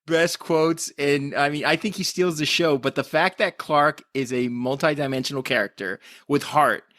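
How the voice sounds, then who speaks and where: A man hosting a casual podcast chat, steering the talk with questions and measured commentary. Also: fairly high pitch, fairly bright tone, no room sound, clean studio sound. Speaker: podcast host leading the questions.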